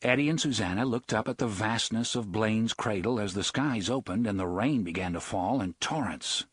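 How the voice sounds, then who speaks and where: A man reading an audiobook in a steady scripted narration, with a husky voice. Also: lowish voice, moderate pace, dry recording.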